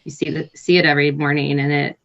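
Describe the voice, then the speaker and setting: A woman in her thirties, a nurse and health coach, chatting relaxed in an interview, laughing often and pausing to think. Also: low voice, gravelly, dull audio. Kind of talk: casual interview chat.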